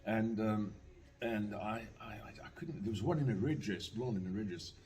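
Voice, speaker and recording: A man's voice: lowish voice, moderate pace, darkish tone. An older man telling a casual, rambling anecdote, full of fillers, restarts and chuckles. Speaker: storyteller.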